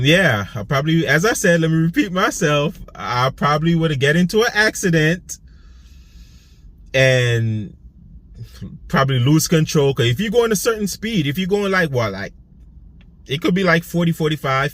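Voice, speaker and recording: A man with a rather high, slightly bright voice and an Antiguan accent rambles through a casual self-filmed vlog. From Saint Croix in the US Virgin Islands, he's a vlogger and food delivery driver who repeats himself and laughs between thoughts.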